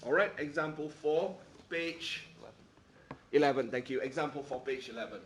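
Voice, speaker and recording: A male maths teacher lecturing a class, pressing his points and checking in with his students after nearly every sentence. His voice sits a little high for a man. It is caught from a distance in an echoey classroom. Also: moderate pace, slight background noise. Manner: emphatic, repeats "all right?" often. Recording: echoey room, mic far off.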